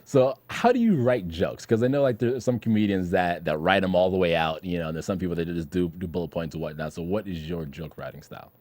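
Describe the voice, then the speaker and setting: A man's voice: sits low, quick pace, hardly any pauses, dry recording. A male comedy show host chatting casually with a guest, easygoing and full of fillers. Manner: easygoing, many fillers, lively. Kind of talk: casual interview chat.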